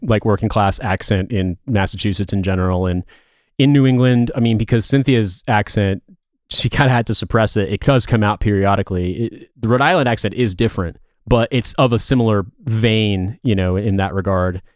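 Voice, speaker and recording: A man's voice: lowish voice, brisk, no echo, studio quality. A man in his thirties, a podcast co-host from Indiana, chatting casually in a rambling, profane way with many restarts. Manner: rambling, profane, self-correcting. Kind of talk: casual chat.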